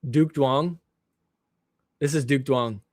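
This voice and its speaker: A young man hosting a live stream, joking and excitable as he reacts to clips and laughs often. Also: mid-range voice, slow, no echo. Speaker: livestream show host. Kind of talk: casual live-stream commentary.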